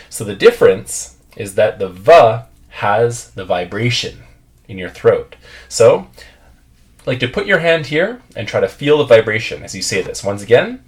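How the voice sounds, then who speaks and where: A man teaching English pronunciation, patiently drilling words and having learners repeat after him. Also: medium pitch.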